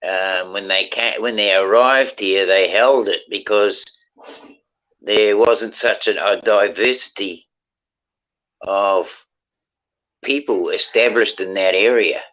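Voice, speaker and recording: A man's voice: on the low side, slow pace, long pauses, a bit bright. A man talking casually on a stream, rambling and restarting as he thinks aloud. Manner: rambling, restarts often, reflective. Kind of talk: casual chat. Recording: dull lo-fi stream audio.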